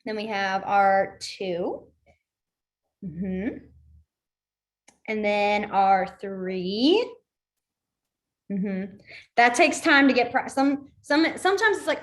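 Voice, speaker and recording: A woman's voice: medium pitch, slow, pauses often, a bit bright. A woman teaching a beginners' class in a chatty, encouraging way, laughing often. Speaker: sign language teacher. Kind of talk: casual online class instruction.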